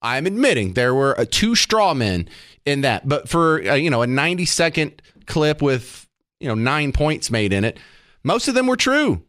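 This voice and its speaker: A man's voice: on the high side, very animated, moderate pace, fairly bright tone, dry recording. A man hosting talk radio commentary from a studio, sarcastic and argumentative.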